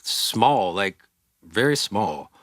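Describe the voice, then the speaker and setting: A man's voice: fairly low pitch, very animated, drawn-out words, a bit bright, no echo, clean studio sound. A man, a singer and interview guest, telling a story casually, acting out quoted voices and swearing freely.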